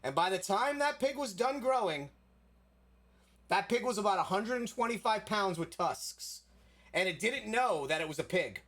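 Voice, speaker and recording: A man's voice: high voice, expressive, normal speed, a bit bright. A young man from South Florida telling a rambling story in casual chat, leaning heavily on "like" and swearing casually.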